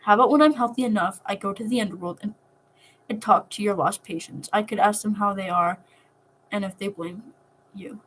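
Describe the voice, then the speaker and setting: A woman's voice: mid-range voice, fairly quick, fairly bright tone, a little hiss or hum, natural voice. Woman reading as an earnest, protective young man. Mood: tender.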